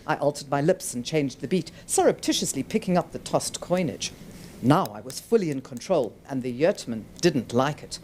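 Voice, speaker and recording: A woman's voice: fairly low pitch, a little hiss or hum. A woman author reading her own novel aloud at a bookshop event, telling the story expressively. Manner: expressive, animated storytelling with voiced characters.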